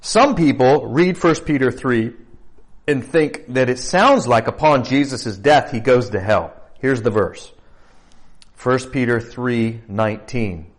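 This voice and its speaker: A man's voice: mid-range voice, animated, slow. A man preaching as pastor, explaining scripture in a conversational way, with fillers and rhetorical questions. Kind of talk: sermon teaching.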